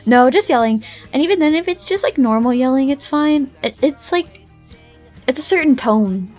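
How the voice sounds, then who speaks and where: A woman's voice: high voice, animated, moderate pace, a little mellow, soft background music. A woman streamer chatting casually with her viewers while she works, rambling with many fillers and little laughs. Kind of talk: casual chat with chat while drawing.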